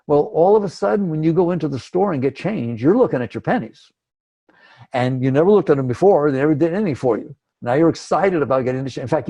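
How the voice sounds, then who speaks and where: A man's voice: a little high, warm tone. A man giving a conversational spiritual talk, emphatic and acting out inner thoughts. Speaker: spiritual teacher.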